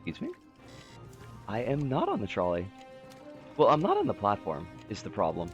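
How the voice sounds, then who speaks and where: A man's voice: huge pitch swings, normal speed, muffled recording, soft background music. Man with a wildly swooping voice. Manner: rambling, jokey, swoops in pitch. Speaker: streamer. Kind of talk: casual game-stream chat.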